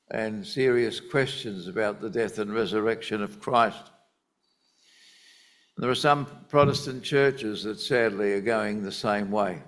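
Slow, deliberate male preacher. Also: fairly low pitch. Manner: deliberate, emphatic Bible teaching. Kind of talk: sermon.

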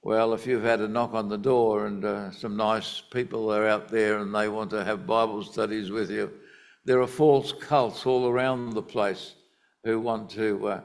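A man preaching a sermon, teaching from the Bible in a deliberate, emphatic way. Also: fairly low pitch, steady tone, vocal fry.

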